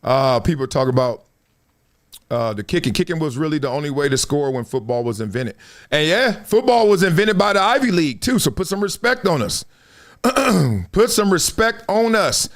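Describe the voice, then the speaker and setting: A man hosting a sports talk show, telling stories in a casual, slangy monologue that swings between loud bursts and low mutters. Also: sing-song, moderate pace.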